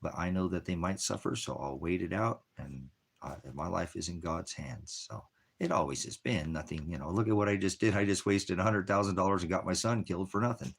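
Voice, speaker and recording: A man's voice: sits low, fairly quick, gravelly, husky. An American man, a military veteran, hosting a ministry livestream from out in the desert and angrily berating viewers in his chat with heavy profanity. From United States.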